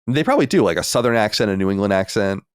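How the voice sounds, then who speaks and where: A man from the US co-hosts a podcast, reading listeners' letters and then musing with lots of fillers in casual conversation. His low, clean voice races along with lively intonation, in a clean studio recording with no echo.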